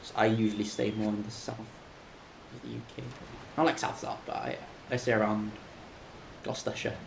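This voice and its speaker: Gravelly man chatting. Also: fairly low pitch, flat delivery, moderate pace. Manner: rambling, self-correcting, chatty. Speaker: speedrunner streaming. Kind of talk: casual chat with stream viewers while playing. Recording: roomy echo, faint background noise.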